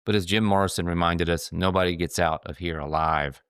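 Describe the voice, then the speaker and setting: A man's voice: deep voice, fairly even intonation, a little fast, a bit bright, clean tone, no echo, studio quality. A middle-aged man narrating his own memoir in a wry, self-mocking storytelling manner.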